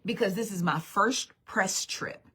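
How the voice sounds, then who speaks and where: A woman vlogger telling a story to her viewers in an animated, chatty way, speaking straight to them. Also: mid-range voice, unhurried, husky. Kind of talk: casual storytime livestream.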